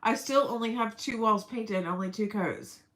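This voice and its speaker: A woman's voice: medium pitch, normal speed, fairly bright tone, poor audio. Rambling, emotional woman vlogger. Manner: rambling, emotional, laughs often mid-sentence. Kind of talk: casual personal vlog monologue.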